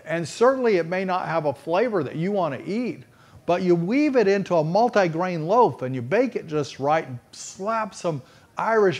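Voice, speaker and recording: A man's voice: high-pitched, darkish tone. A man preaching a storytelling sermon in a folksy, earnest way, with frequent restarts.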